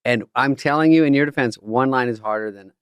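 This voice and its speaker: A man in a casual podcast chat, lively and laughing as he backs up the story. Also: medium pitch, a little fast, clean tone, no echo.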